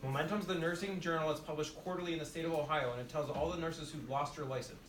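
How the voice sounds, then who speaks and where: Talking fast in a steady, fairly bright, slightly high voice, a male nursing instructor drills students through repetition and quizzes them in a demonstration lecture. A distant mic in an echoey room adds a little hiss or hum.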